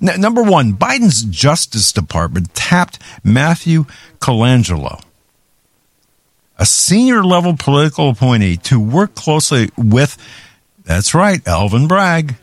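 A man's voice: mid-range voice, huge pitch swings, measured pace, dry recording. A man hosting a talk show, giving heated political commentary with many restarts and stumbles. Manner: heated, ranting, with frequent restarts.

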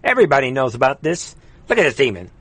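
A man's voice: mid-range voice, big pitch swings, fast talker, a bit bright, breathy edge, dry recording. Heated, mocking man ranting. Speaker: host. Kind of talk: live political commentary.

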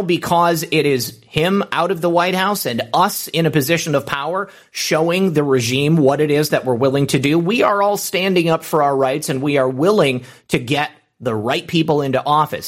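A man hosting a political talk show, delivering emphatic, opinionated commentary and often saying "okay" to drive points home. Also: a little high. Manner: emphatic, repeats "okay" and "all right".

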